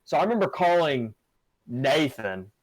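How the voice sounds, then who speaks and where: A man's voice: a little high, sing-song, measured pace, no echo, poor audio. A young man hosting a podcast, telling a personal story casually with many fillers and restarts. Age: young adult. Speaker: podcast host.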